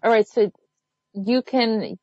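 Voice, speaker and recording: A woman's voice: on the high side, slow pace, darkish tone, dry recording. Woman, host, casual chat, fillers, dry, lo-fi dull sound. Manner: meandering with fillers. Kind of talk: casual conversation.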